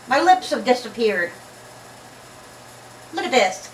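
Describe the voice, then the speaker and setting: Between Bible readings, the woman jokes and chats in a laid-back vlog, her slight lisp audible. She speaks at a measured pace with fairly even intonation, pausing often, in a mid-range voice. The sound is echoey and distant, with slight background noise.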